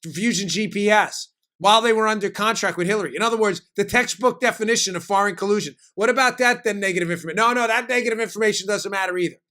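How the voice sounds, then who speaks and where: Bright, high-voiced fired-up male host. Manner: rapid, sarcastic, jokey and animated; mock questions and quick self-answers. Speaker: political talk show host. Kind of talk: fired-up political commentary.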